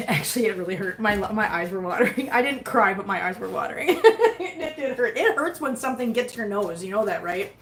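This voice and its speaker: A woman's voice: mid-range voice, animated, fairly quick. A middle-aged woman chatting casually on a livestream and cooing baby talk to her cats. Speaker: vlogger reading live chat.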